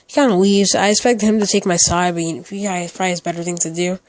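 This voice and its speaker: A man's voice: high-pitched, fairly even intonation, fast talker, no echo. Rambling teenage boy telling a story. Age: teens. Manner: rambling, lots of "like" fillers and restarts. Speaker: storytime YouTuber. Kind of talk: casual storytime narration.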